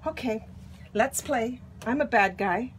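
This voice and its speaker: A woman voicing a calm, wise male panda who speaks gently and a little playfully in a storybook reading. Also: fairly high pitch, slow, slight background noise. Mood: gentle.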